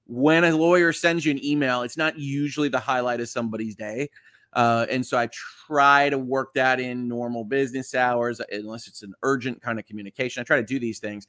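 A man's voice: mid-range voice, fairly even intonation, brisk, a bit bright, no room sound, clean studio sound. A man who is a lawyer, hosting a casual live stream and reading viewer comments aloud in a chatty way, with lots of fillers. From Southeast Michigan.

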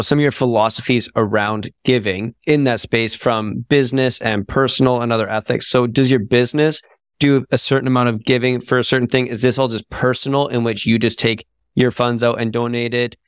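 A man hosts a podcast and asks his guest questions in a casual, enthusiastic and encouraging way. His voice sits at a middle pitch. The sound is dry and close. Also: clear, resonant tone, no room sound. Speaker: podcast host. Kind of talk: casual interview chat.

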